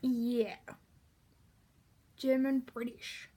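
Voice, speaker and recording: High-voiced French woman vlogging casually. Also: normal speed, a little mellow. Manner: rambling, self-correcting, laughs at herself. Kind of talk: casual chat to camera.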